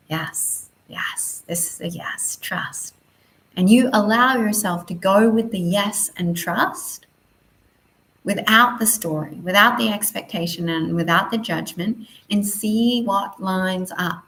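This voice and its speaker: A woman teaching a spiritual lesson in a soft, flowing, affirming way, with gentle emphasis. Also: medium pitch, unhurried, rough recording.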